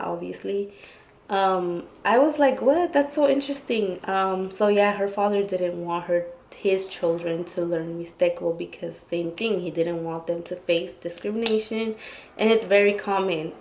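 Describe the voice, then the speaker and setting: Casual woman vlogger in her twenties, lowish voice, chatty and loose. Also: darkish tone, poor audio. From Oaxacan family, raised in the US. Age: 20s. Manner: chatty, lots of "like" fillers, mixes in Spanish. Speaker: YouTuber. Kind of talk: casual vlog chat.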